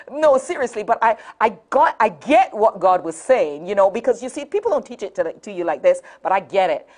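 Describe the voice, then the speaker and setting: A woman's voice: fairly high pitch, moderate pace, raised voice. A middle-aged woman hosting a nighttime call-in talk show, telling a funny personal story and laughing often. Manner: animated storyteller, laughs often, repeats phone numbers.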